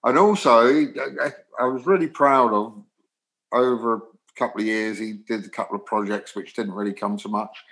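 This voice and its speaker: Older English musician guest, chatty storyteller with animated delivery. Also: male voice, medium pitch, moderate pace, rough recording. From England. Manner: animated anecdotes, acts out dialogue. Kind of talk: storytelling interview.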